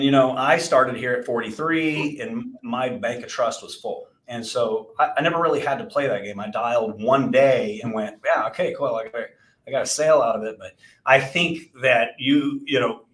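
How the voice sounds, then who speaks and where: A man's voice: medium pitch, a bit bright. Man telling a rambling story. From Texas. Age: 40s. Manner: rambling, self-deprecating storyteller with many restarts. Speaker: podcast co-host, insurance agency owner. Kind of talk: casual chat and storytelling. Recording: roomy echo.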